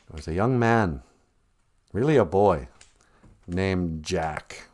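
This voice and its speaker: A male podcast host narrating a folk tale off the cuff on a livestream. His delivery is folksy and full of jokes, and his pitch moves around a lot as he tells it. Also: expressive, slow pace, pauses often, darkish tone. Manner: jokey, laughs often, folksy. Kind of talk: casual livestream storytelling.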